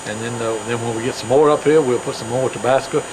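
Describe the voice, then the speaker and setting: A man's voice: mid-range voice, steady tone, quick pace, background noise. Folksy man rambling on a farm. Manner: rambling, chatty, with many fillers and restarts. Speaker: host. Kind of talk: casual folksy chat.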